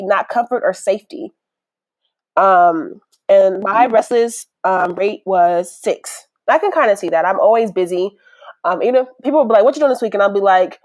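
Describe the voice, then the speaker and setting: A young woman hosting a podcast in casual chat, lively and quick to laugh, acting out what other people said. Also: mid-range voice, no room sound, poor audio. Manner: animated, laughs often, acts out what others said. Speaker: podcast host. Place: indoors, with family nearby.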